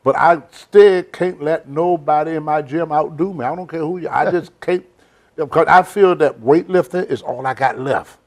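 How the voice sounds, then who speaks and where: An older man hosts a casual interview, telling blunt, rambling stories in a folksy style. His voice runs on the high side, and he talks at a normal speed with few pauses.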